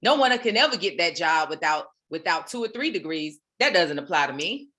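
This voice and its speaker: On the low side and fairly quick, her voice is expressive with a sharp edge. She's the host of a weekly home-based online motivation session, giving a preachy, playful motivational talk peppered with Black American slang.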